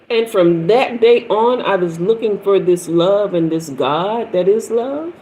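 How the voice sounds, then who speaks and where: A woman's voice: fairly high pitch, darkish tone, low-quality recording. A woman in her fifties, a tarot reader and spiritual teacher, preaching and telling stories on a livestream with lots of repetition for emphasis. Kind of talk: livestream talk.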